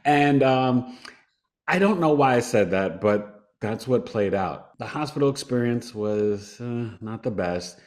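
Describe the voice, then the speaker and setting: Lively middle-aged man telling his story. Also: medium pitch, measured pace. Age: 50s. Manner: animated, laughs while telling a hard story. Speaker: podcast guest. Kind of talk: conversational storytelling.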